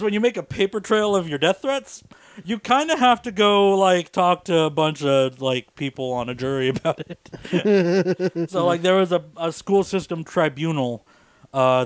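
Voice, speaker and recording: Young man, podcast co-host, laughing storyteller, profane, slightly high voice, dry sound. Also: measured pace, dry recording. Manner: laughs while telling stories, profane and wry. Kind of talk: casual storytelling chat.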